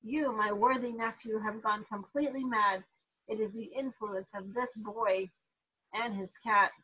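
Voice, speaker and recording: A woman reading as a haughty scheming uncle, cold and contemptuous, bright and husky. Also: mid-range voice, fairly even intonation, a little slow, rough recording. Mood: scornful.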